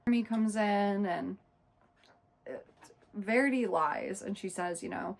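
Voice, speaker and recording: A woman giving a casual, exasperated book review rant. She leans hard on "like" and "literally". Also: medium pitch. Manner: talks fast and loose, leaning hard on "like" and "literally"; exasperated and indignant.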